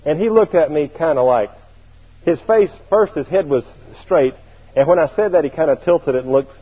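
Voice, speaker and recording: A man preaching a sermon, telling a story in an animated way and chuckling now and then. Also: on the high side, moderate pace, slightly rough. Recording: tinny radio broadcast.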